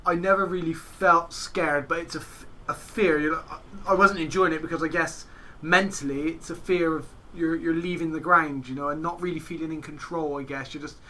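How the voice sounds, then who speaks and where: Bright-voiced chatty English podcast host. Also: male voice, a little high, fairly even intonation, moderate pace, a little hiss or hum. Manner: chatty storyteller, acts out quoted friends. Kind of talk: casual interview chat.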